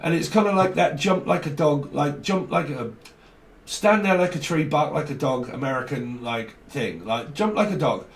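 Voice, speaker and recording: A man's voice: on the high side, normal speed, far from the mic. Rambling man in an echoey room. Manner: rambling, slangy, acts out little exchanges in different voices. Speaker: tarot reader. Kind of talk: casual unscripted tarot reading to camera.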